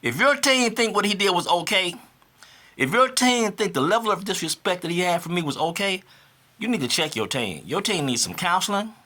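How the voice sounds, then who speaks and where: A man in his fifties tells his story to the camera in a lively vlog. His voice is bright and sits a little high, and it swings widely in pitch. He repeats phrases for emphasis and climbs into indignant bursts. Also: brisk. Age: 50s. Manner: animated, repeats himself for emphasis; rising to indignant outbursts. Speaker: vlogger. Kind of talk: casual vlog monologue.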